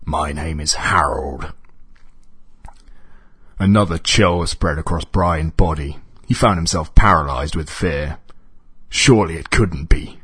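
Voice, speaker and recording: A man narrating an absurd comic story in a deadpan, dry manner. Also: deep voice, unhurried, breathy edge, no echo.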